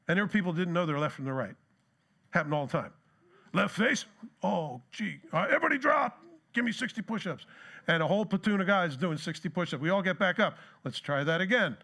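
Man, middle-aged pastor, relaxed preaching, stories and questions, raised pitch. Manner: conversational preaching with rhetorical questions and anecdotes. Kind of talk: sermon.

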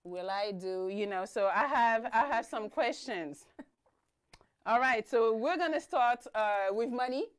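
A woman hosts a casual live-streamed chat show with a smooth, resonant voice. She talks chattily, laughs often and cuts in on her guest. Her voice comes through a clip-on mic. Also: on the high side, lively intonation, slow. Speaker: host of a live talk show. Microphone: mic'd up.

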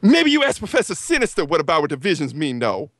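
A man's voice: a little high, wildly swooping pitch, fast talker, fairly bright tone, a little hiss or hum, full character voice. A man doing a brash sassy schoolgirl.

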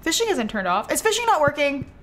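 Speaking fast in a high, sing-song voice with a fairly bright tone, this young woman chats casually with viewers while playing a farming game. She's bubbly, gasping and drifting into trailing asides, as music plays behind her amid slight background noise.

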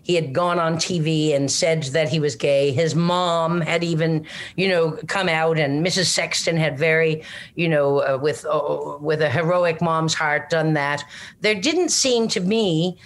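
Older Newfoundland-accented woman, interview guest, lowish voice, rambling and self-deprecating. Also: steady tone, a little slow. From Newfoundland, Canada. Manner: rambling, self-deprecating, full of "you know what I mean". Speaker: guest, comedic actor. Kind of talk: casual interview chat.

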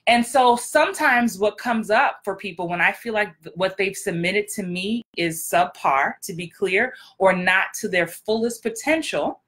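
A woman's voice: medium pitch, unhurried, few pauses, a bit bright. A woman acting coach giving very direct, blunt advice in a frank, emphatic vlog talk. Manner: frank, emphatic, repeats for effect.

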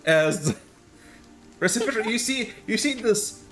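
A man's voice: high voice, expressive, takes it slowly, fairly bright tone, faint music behind. A man running a tabletop game as game master, narrating scenes in a rambling, hesitant way with many fillers.

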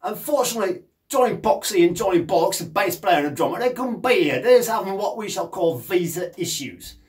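A man's voice: sits high, fairly quick. A man doing a rambling punk rocker. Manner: rambling, cheeky, lively. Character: brash, boozy, addled male punk rocker. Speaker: punk singer and guitarist. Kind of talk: comedic monologue in character.

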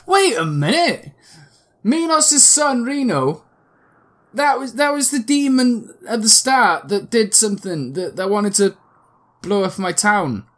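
A man's voice: high-pitched, lively intonation, slow, fairly bright tone. A man with a scratchy throat giving casual, sweary let's-play commentary with laughing asides.

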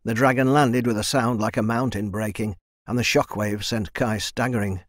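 A man reading a fantasy novel aloud in a steady storytelling voice that lifts for the action beats. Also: lowish voice, normal speed, no echo, studio quality. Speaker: audiobook narrator. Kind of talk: scripted fantasy narration.

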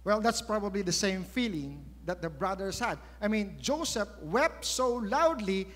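A Filipino preacher's high, slightly bright voice fills a big church hall, each phrase trailing off in long reverb. Speaking at a moderate pace with lively intonation, he relates the story emphatically and stops now and then to ask his audience rhetorical questions.

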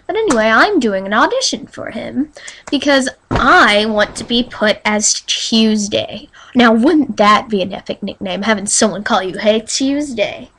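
A young woman on a quiet webcam mic, chatting in a bubbly, goofy, apologetic way, a bit stuffy from allergies. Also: fairly high pitch, animated, moderate pace, husky, rough recording. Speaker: YouTuber auditioning for a collab channel. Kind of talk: casual webcam vlog.

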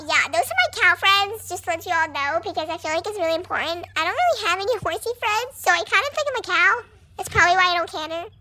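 A woman plays a cheeky young mare in a comic vlog voice-over, chattering and teasing in a playful way. The voice sits very high and sounds bright. A faint noise runs under it.

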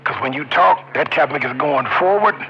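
A man's voice: fairly high pitch, expressive, a little fast, breathy edge. A man chatting and joking with fellow truckers over CB radio, teasing them and laughing often. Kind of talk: casual CB radio chat. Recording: muffled CB radio with loud static.

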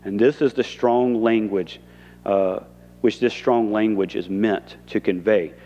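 Pastor preaching in a reverberant church. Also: male voice, lowish voice, fairly even intonation, measured pace, mellow, highs cut off. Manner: conversational preaching, acts out quoted lines. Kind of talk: sermon. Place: church sanctuary.

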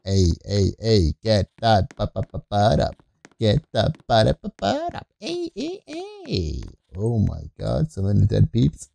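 Silly male gamer narrating his play, gravelly voice, bouncy lively pitch. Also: normal speed, dry recording. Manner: goofy, rhyming nonsense words, frequent laughs. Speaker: gameplay commentator. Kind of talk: playful game commentary.

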